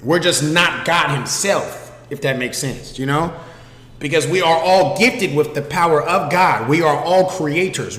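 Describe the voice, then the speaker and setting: High, bright-voiced man in an echoey room. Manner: animated, swears freely, keeps asking the listener for agreement. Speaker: streamer host. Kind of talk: casual storytelling. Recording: echoey room with long reverb.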